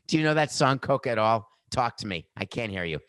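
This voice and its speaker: A man's voice: mid-range voice, measured pace, clean tone, dry recording. Sarcastic middle-aged male podcast host. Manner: sarcastic, animated rants with mock quotes. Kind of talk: opinionated sports commentary. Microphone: studio microphone with earpiece.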